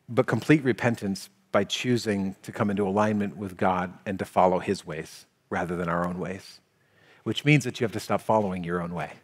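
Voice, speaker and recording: Pastor preaching in a reverberant hall. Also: male voice, lowish voice. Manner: animated, acts out everyday scenes with playful exaggeration. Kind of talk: sermon.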